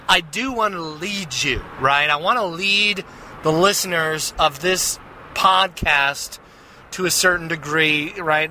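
A man's voice: a little high, sharp tone, a little hiss or hum, poor audio. A man hosting a podcast, talking in a casual confessional monologue, rambling with many restarts and "right?" tags. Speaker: podcast host.

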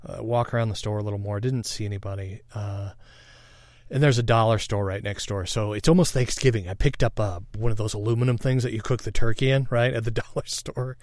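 A man's voice: lowish voice, fairly even intonation, a little mellow, dry recording, studio quality. A man preaching a sermon in a conversational, reflective way, sharing a personal story and often checking in with "all right?". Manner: reflective, meditative pauses.

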